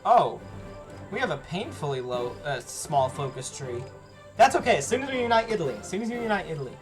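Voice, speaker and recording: Casual streamer, game commentary, reads game text aloud, mid pitch, soft music behind. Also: big pitch swings, brisk. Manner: chatty, reads on-screen game text aloud, frequent restarts.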